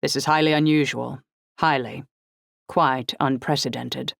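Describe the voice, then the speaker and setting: A woman voicing a formal, precise older man who speaks in clipped, measured sentences. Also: extremely low pitch, steady tone, vocal fry, dry recording, full character voice. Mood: urgent. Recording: dry close audiobook recording.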